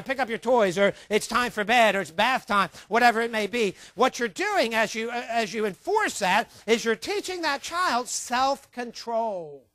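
A male Bible teacher delivers a sermon-style lesson, pressing each point and repeating the key phrases. His voice sits high for a man. The sound is dry and close. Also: a bit bright, no echo.

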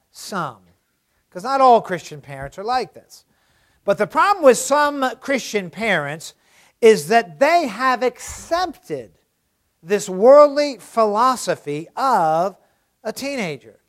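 A man with a notably high voice delivers a sermon. He leans hard on certain phrases and repeats them, then falls quiet for an aside before rising again. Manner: emphatic, swings from loud stresses to hushed asides; repeats key phrases for emphasis. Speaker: preacher.

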